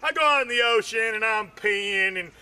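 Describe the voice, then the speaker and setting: A man telling loose, rambling stand-up jokes, adding "man" to nearly every line and breaking into shouts on the punchlines. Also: high-pitched, moderate pace, a loud crowd. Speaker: amateur comedian.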